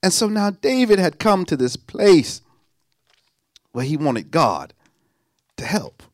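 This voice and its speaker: A man preaching a sermon in a high, very lively voice that climbs into near-song and then drops to a hushed murmur. The sound is dry and close. He talks in an easygoing Southern Black way. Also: slow pace, no echo. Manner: animated preaching with sung lines and dramatic drops to a hush.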